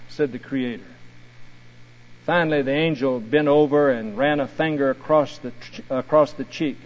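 A man preaching a sermon, telling a story in an earnest, measured way. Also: on the high side. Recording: dull recording in a reverberant hall.

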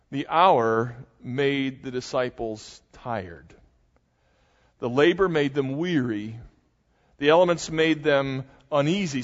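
A man preaching a sermon as pastor, talking in a conversational, folksy way with asides to the congregation. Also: a little high. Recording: dull lo-fi sound with long hall reverb.

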